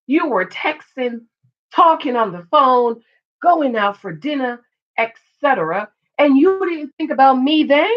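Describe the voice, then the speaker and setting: A woman's voice: high-pitched, voice pushed up, heavily acted. A woman reading the part of an indignant betrayed wife who scolds her cheating husband. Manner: sharp, scolding. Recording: dull lo-fi recording.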